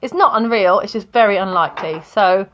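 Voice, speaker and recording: A woman's voice: medium pitch, fairly quick, slight background noise. A woman teaching English grammar in a live online lesson, chatting with students and laughing often.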